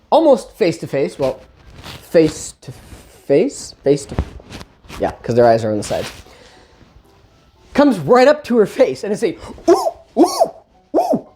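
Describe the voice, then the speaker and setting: Pitching her voice a little low, a woman tells a family story in a chatty, casual way. Her delivery rises and falls widely, and she adds lively asides and corrects herself along the way.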